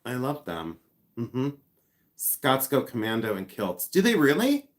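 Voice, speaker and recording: A man's voice: medium pitch, wildly swooping pitch, measured pace. A man in his fifties hosting a casual livestream, joking with viewers by name and teasing himself. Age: 50s. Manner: playful, self-mocking, teasing viewers by name; hums and scats tunes. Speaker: livestream host. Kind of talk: casual live chat.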